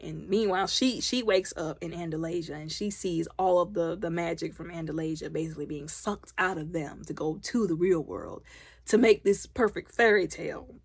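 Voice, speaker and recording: A woman recapping a movie in a loud, chatty way, slipping into the characters' lines as she retells scenes. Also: lowish voice, normal speed, vocal fry, husky, no room sound, studio quality. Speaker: movie reviewer.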